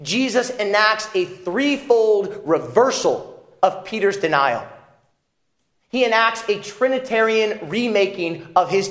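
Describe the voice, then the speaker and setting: A man preaching a sermon with a slightly raised pitch, his voice ringing in a reverberant room. He talks dramatically, sinking to hushed, low passages and climbing to emphatic, raised ones. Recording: echoey room.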